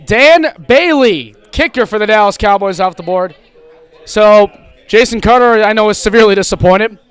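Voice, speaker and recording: A man with a high-sitting voice at moderate pace hosts a live fantasy football draft, ribbing participants with playful banter. He's on a wired handheld mic in a big indoor hall, and the recording is echoey with a loud crowd.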